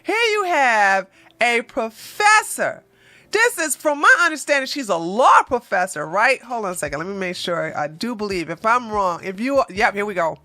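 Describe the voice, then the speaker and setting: A woman's voice: on the high side, big pitch swings, moderate pace, bright, forceful tone, dry recording. A woman hosting casual political commentary, sarcastic and emphatic, with slangy phrasing.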